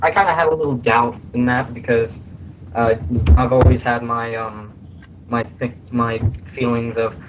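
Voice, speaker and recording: A young man being interviewed about voice acting, talking in a halting way with many fillers, a little hoarse from being sick. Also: mid-range voice, steady tone, muffled recording, noisy background. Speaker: voice actor guest. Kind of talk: casual interview on a voice call. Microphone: voice call.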